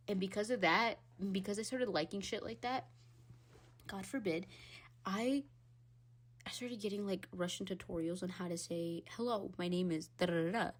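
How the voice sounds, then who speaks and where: On her own podcast, a young adult woman of Hispanic background rants casually and with plenty of energy. Expect free swearing, frequent laughter, and big jumps in pitch and volume, from squeals down to mutters, all at a moderate pace.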